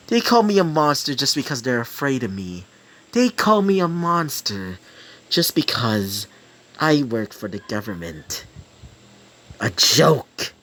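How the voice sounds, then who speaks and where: A man's voice: mid-range voice, fairly bright tone. A man voicing a cold, mocking young male antihero who commands insects, drawing out his threats. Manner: taunting, drawn-out threats.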